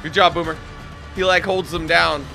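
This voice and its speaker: A man doing casual let's play commentary on a video game. He swears freely and breaks into frustrated shouting. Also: on the high side, fairly even intonation, moderate pace, vocal fry. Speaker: gaming channel host. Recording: game music playing underneath. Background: video game music and sounds.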